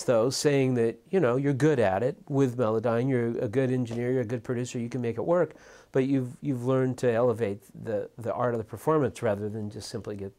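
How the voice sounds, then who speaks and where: A man's voice: mid-range voice, darkish tone. Thoughtful man with frequent restarts. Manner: thoughtful, many restarts and repeated words. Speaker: music mixer interviewee. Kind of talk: reflective interview talk.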